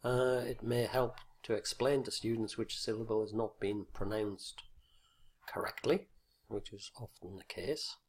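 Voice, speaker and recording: In this instructional video lesson, a male teacher trainer walks through a teaching point at a deliberate pace, using fillers and stressing example words heavily as he repeats them. His pitch sits on the low side and his tone stays steady, with a faint hiss or hum in the audio.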